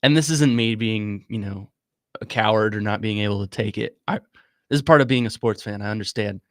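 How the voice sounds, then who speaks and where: A young man with a low voice talks sports on studio radio, halting and choked up, often restarting his sentences. The sound is dry and close, with no room around it. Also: a bit bright, dry recording. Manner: halting, emotional, stumbling over words. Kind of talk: casual sports talk.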